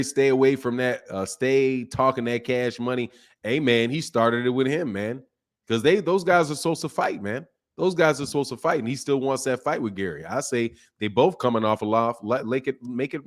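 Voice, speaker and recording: A middle-aged man hosting a boxing live stream, chatting casually with viewers while he keeps his slightly strained voice soft. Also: medium pitch. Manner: greets chat viewers by name, loose and joking. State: slightly strained voice, speaking softly. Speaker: boxing channel host.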